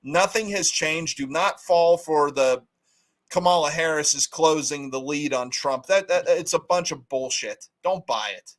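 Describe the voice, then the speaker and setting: A man's voice: on the high side, measured pace, fairly bright tone. A man hosting a casual political livestream, talking bluntly and arguing his opinions. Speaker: livestream host.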